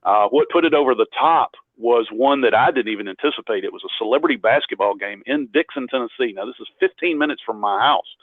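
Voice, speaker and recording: A man's voice: medium pitch, lively intonation, fast talker, no room sound. Man on a tinny phone line. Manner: rambling, self-deprecating, with frequent restarts. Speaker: guest. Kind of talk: casual storytelling in an interview. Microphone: phone on a call.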